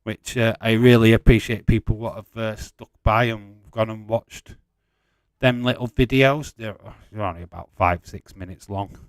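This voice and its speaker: Reading viewer chat during a casual live watch-along, a man with a fairly low, steady voice talks at a normal speed. He teases the audience, swears freely, and keeps everyone posted on the match, with no room sound in the recording.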